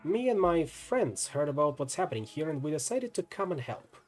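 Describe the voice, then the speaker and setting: A man voicing a serene, soft-spoken traveling activist in a story game, speaking calmly and earnestly. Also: a little high, brisk, voice pushed up. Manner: calm, earnest.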